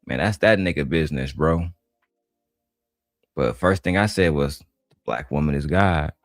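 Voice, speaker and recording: A man's voice: rumbling low, unhurried, dry recording, clean studio sound, soft background music. A man from Detroit giving blunt, mocking, heavily profane reaction commentary on a panel clip. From Detroit, USA.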